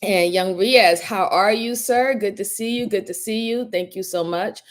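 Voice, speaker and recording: Emotional woman host greeting her viewers. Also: moderate pace. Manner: warm shout-outs, rising to high excited greetings. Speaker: livestream host. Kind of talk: casual livestream chat greeting viewers.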